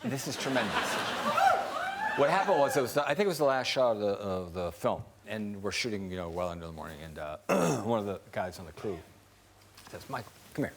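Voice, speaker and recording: A man's voice: fairly low pitch, animated, fairly quick. A man telling a rambling, enthusiastic anecdote as a talk show guest. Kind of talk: comic anecdote.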